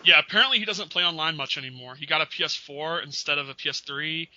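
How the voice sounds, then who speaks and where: A man hosting a casual gaming podcast, animated and laughing, often imitating other players. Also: on the high side, fast, dry recording. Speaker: podcast host. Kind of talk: casual podcast chat about fighting games. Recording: dull lo-fi audio.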